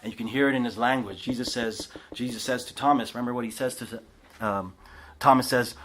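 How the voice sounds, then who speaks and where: A man gives an informal sermon to a small group in a home, speaking at a mid pitch. His delivery is chatty and animated, full of restarts and quick check-ins with his listeners. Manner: casual, animated, tags lines with "right?", many restarts. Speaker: preacher. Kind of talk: conversational sermon. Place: house church living room.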